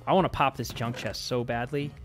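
A man hosting a casual game session, who also made the map, explains the mechanics as he plays in an upbeat way. His medium-pitched voice is steady and fairly quick, with faint music behind.

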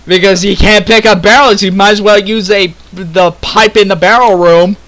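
A man's voice: high voice, normal speed. A tired young man casually chatting and swearing as he records a game playthrough. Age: young adult. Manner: excitable, swears and laughs a lot. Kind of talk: casual let's-play chat.

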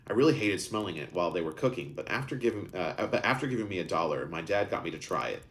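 A man reading aloud voices a shy, quietly grieving young man, speaking gently and with hesitation. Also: sits low, sing-song, fast, full character voice.

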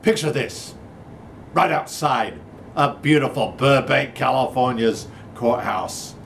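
A man playing a brash, gushing male lawyer in a comedy sketch, announcing loudly with over-the-top flattery. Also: mid-range voice, slow pace, vocal fry, slight background noise, full character voice. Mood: hyped.

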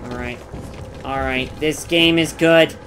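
A young man hosting a gameplay stream, gushing and exclaiming excitedly as he plays. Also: fairly high pitch, slow pace, very noisy. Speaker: gaming streamer host. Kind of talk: live gameplay commentary. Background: game music and gunfire.

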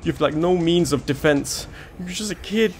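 Faint music plays behind this man as he does let's play commentary at a normal speed, his voice a little high. The streamer panics, curses, and jokes under his breath to himself.

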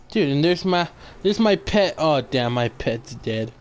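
A young man giving loud, excitable commentary while playing a video game, swearing and trash-talking his teammates. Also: on the high side, unhurried. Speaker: gamer streaming gameplay. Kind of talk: casual gameplay commentary.

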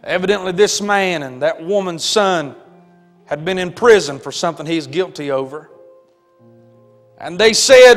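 A man preaching a sermon, telling a story dramatically and building to shouts. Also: sits high, expressive, measured pace, long pauses. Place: church sanctuary. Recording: long hall reverb with faint music.

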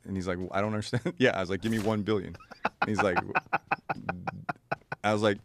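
A man with a very deep, low voice talks loosely and at length, piling up fillers and little laughs as he tells his stories. A faint hiss of noise sits under the recording. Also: steady tone, brisk, creaky, pauses often. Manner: rambling storyteller, many fillers and laughs. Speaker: guest. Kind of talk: casual chat.

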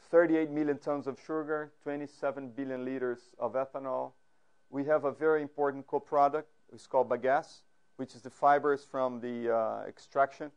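A man lecturing a class, halting often with fillers and restarts and putting questions to the audience. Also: mid-range voice, a little mellow, smooth. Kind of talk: academic lecture. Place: lecture room.

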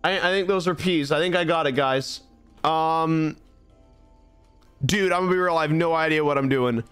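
A man's voice: a little high, moderate pace, fairly bright tone, clear, resonant tone, faint music behind. A young man streaming a game, talking through it in a rambling, exasperated, self-mocking way. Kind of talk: casual gameplay commentary.

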